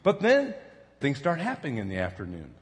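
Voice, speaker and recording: Middle-aged preacher in a reverberant hall. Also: male voice, a little high, huge pitch swings, fairly quick. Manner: storytelling preacher, swings from soft to loud emphasis. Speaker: pastor. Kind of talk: sermon.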